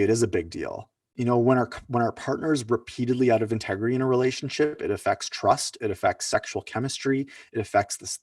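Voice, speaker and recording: A man's voice: medium pitch, dry recording, studio quality, far from the mic. A man presenting at an online workshop, talking loosely with many fillers and restarts. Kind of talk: casual online teaching talk.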